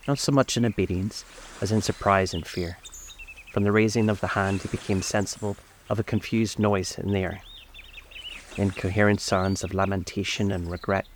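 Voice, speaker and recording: A man narrating a classic story in a measured, even audiobook style. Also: sits low, slight background noise.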